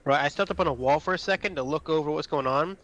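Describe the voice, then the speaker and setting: A man's voice: a little high, fast talker, fairly bright tone, a little hiss or hum. A man chatting casually with a teammate while playing, telling a rambling story full of profanity. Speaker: squad teammate.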